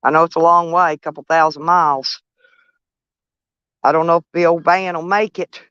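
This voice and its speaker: A woman's voice: fairly low pitch, fairly even intonation, moderate pace, long pauses, a bit bright, clear, resonant tone, no room sound, dull audio. Blunt older woman, dry close sound. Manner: scolding, blunt and profane. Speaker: van life vlogger. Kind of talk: casual vlog chatter.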